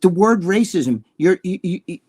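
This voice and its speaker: Brief: high-voiced male co-host, heated profane rant, keeps repeating his point. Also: expressive, moderate pace, a little mellow, slightly rough. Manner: ranting, profane, repeats himself, acts out quoted people. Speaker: podcast co-host. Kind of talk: heated casual chat.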